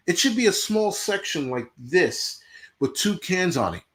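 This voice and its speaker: A man's voice: fairly high pitch, big pitch swings, unhurried, a bit bright. A man hosting a livestream, ranting bluntly and profanely to his chat in casual talk. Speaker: livestream host.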